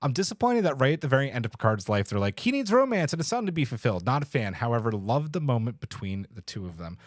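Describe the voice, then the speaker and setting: A man's voice: mid-range voice, big pitch swings, fast, no room sound, clean studio sound. A man co-hosting a podcast, chatting casually and enthusiastically, swearing now and then and reading out listener comments. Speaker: podcast co-host. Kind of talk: casual review chat.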